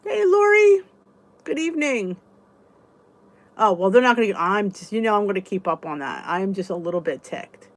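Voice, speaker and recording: A woman's voice: medium pitch, quick pace, no echo. A woman hosting a casual live-stream support chat, chatting in a rambling way and reading viewers' comments aloud.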